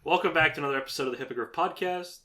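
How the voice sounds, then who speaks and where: A man's voice: fairly high pitch, rapid-fire, sharp tone. A man hosting a casual tabletop-gaming podcast, joking, laughing often and slipping into silly voices. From Canada. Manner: jokey, laughs often, slips into goofy voices. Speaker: podcast host.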